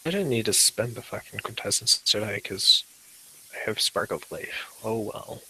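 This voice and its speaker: A man's voice: on the low side, animated, normal speed, sharp tone. A man playing a tabletop game, speaking plainly and matter-of-factly. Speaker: tabletop player. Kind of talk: casual tabletop role-play.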